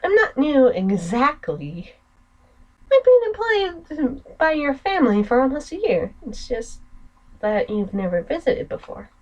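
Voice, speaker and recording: A woman's voice: high-pitched, sing-song, unhurried, a little mellow, voice pushed up, exaggerated voice. A woman reading a polite young maid in a game, in a raised voice with an American accent.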